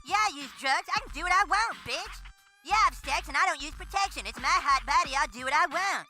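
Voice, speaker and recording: A woman's voice: high voice, lively intonation, fairly quick, sharp tone, faint music behind, exaggerated voice. A woman playing a sneering rebellious teen girl. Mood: defiant. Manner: defiant, sneering, dismissive. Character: brash rebellious teenage girl, defiant and reckless.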